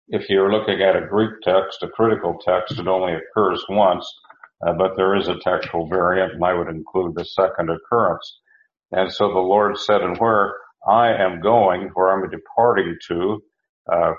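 A man preaching a Bible lesson in a plain, folksy way, stopping to correct himself and to explain Greek verb forms. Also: low-pitched. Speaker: preacher teaching scripture. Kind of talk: Bible teaching sermon. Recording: dull roomy recording.

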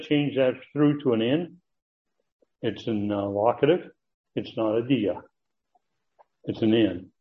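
A man teaching a Bible passage to a class, earnest and emphatic, slowing down to stress key words as he reads from his notes. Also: medium pitch. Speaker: pastor teaching a Bible study. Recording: dull lo-fi recording.

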